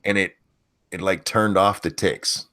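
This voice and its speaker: A man in a casual podcast chat, joking and firing quick questions. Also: low-pitched, fairly even intonation, pushed and bright.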